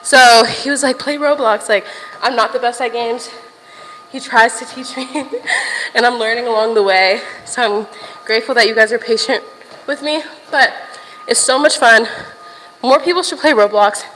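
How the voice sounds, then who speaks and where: A woman's voice: on the high side, moderate pace, pauses often, fairly bright tone, big-room sound, a little hiss or hum, low-quality recording. A young woman livestreaming from a gym while walking on a stair machine, chatting casually to viewers, a little out of breath and swearing now and then.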